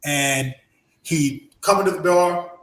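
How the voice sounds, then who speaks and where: A man telling a story on a podcast in an animated way, acting out the voices in quick bursts. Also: on the high side, roomy sound, rough recording. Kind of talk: casual storytelling.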